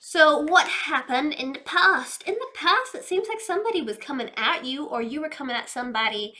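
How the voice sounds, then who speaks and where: Tarot lady chatting quick, bright voice, kinda high. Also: expressive. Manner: fast-talking, chatty, self-aware. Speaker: tarot reader. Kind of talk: casual tarot reading.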